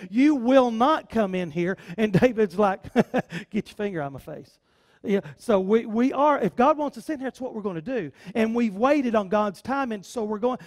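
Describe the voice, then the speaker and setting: A male pastor preaching a sermon, fervent and repetitive, with folksy sayings. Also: extremely high pitch.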